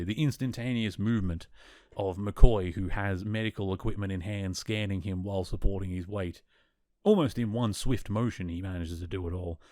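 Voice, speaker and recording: A man's voice: lowish voice, a little mellow, no echo, studio quality. A man hosting a podcast, casually recapping a TV episode and retelling scenes with quoted lines. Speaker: podcast host.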